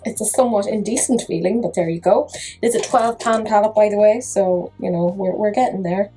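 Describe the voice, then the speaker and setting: A woman's voice: mid-range voice, fairly even intonation, brisk, dark tone, husky, soft background music, low-quality recording. A woman chatting casually through a makeup review, full of self-mocking jokes. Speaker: makeup vlogger.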